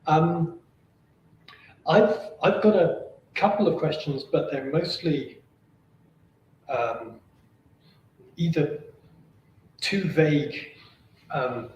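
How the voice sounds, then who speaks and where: A man's voice: on the high side, a little mellow. Distant man chairing a seminar. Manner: halting, many fillers and repeated words. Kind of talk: academic seminar questions. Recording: distant, roomy, dull and lo-fi, faint noise.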